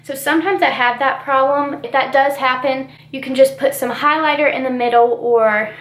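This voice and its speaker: Her voice sits high, moves at a moderate pace, and reverberates around the room. She's a young woman vlogging her makeup routine, casually chatting about products with lots of fillers, sounding somewhat stuffy from allergies.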